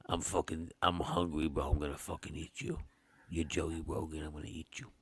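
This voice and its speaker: A man's voice: extremely low pitch, flat delivery, fairly quick, a bit bright, voice pushed down. A man voicing a hungry, aggressive male deer as a swearing comic impression. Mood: menacing.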